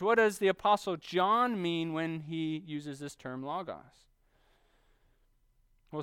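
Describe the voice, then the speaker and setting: A man preaching a sermon, teaching steadily and slowing down to stress key phrases. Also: sits high, a bit bright, smooth, no echo. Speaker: pastor.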